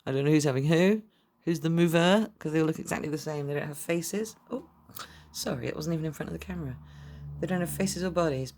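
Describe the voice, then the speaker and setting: A woman with a low-pitched voice talks her way through a tarot reading straight to camera. She rambles in a loose, chatty way and swears bluntly. The sound comes from a camera mic. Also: fast talker, a little mellow, a little hiss or hum. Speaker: tarot reader.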